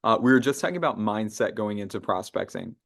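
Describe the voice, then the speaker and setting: A man's voice: on the low side, lively intonation, quick pace, vocal fry, a bit bright. A young man running an online sales training call, talking casually with lots of fillers and restarts. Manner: conversational, many "uh" fillers and restarts, acts out sample phone lines. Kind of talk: casual team training talk.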